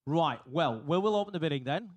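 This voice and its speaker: Man, auctioneer, repeating bids fast, cheeky asides, slightly high voice. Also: animated, no echo. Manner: brisk, repetitive bid calling with jokey asides. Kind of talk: live auction calling. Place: auction hall.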